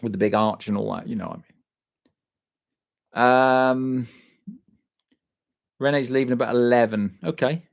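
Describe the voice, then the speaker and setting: Brief: male host, gravelly voice, mid pitch, sweary and matey, riffing on live chat. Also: unhurried, long pauses. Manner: loose, sweary and matey, answering chat by name. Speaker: live stream host reading viewer comments.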